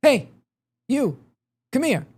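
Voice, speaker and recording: A man's voice: very high voice, very animated, slow, darkish tone, husky, pitched above the performer's own voice, full character voice. A man voicing an earnest, curious male sub shop worker in a story he tells.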